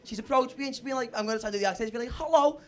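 A young man on a comedy club stage tells a crude, rambling stand-up story at a racing pace. His voice is extremely high-pitched with fairly even intonation, and the live recording carries background noise and audience laughter.

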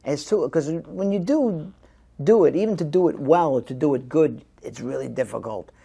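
An older man, an actor, chatting as an interview guest and telling lively stories. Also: fairly high pitch, moderate pace, creaky, slightly rough. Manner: animated storyteller who acts out quoted voices. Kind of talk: casual interview chat.

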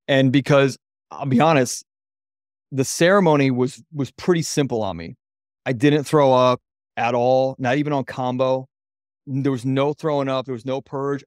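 A man's voice: medium pitch, dry recording. A man in the middle of his range tells a personal story as a podcast guest, candid and openly emotional. His talk wanders loosely, full of "like" fillers and restarts. The sound is dry and close, with no room around it. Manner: loose, rambling, with many "like" fillers. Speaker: podcast guest, men's coach.

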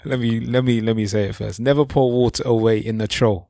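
A man's voice: medium pitch, fairly even intonation, a little fast, creaky, dark tone, a little hiss or hum. A man co-hosting a podcast in casual chat, laid-back and drawling. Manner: laid-back, drawling, says yes repeatedly. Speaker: podcast co-host.

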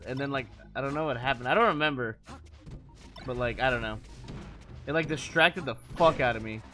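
Male streamer, casual chat, swinging expressive pitch, bright edgy tone, laughs a lot, curses freely. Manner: animated, profane, laughs often. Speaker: gaming streamer.

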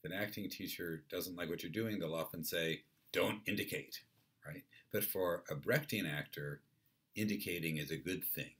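A man giving a university lecture on theatre in a clear, measured, explanatory way. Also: low voice, a bit bright.

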